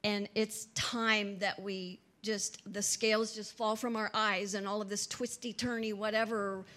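A woman's voice: mid-range voice, little pitch movement, a little slow, sharp tone. A woman preaching fervently to a church gathering, emphatic and full of rhetorical questions. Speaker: church speaker. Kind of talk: impassioned preaching.

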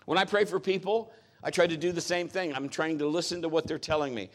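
A man's voice: fairly high pitch, fairly even intonation, fast talker. A middle-aged man preaching a sermon as a pastor, talking in a conversational, folksy way with joking asides.

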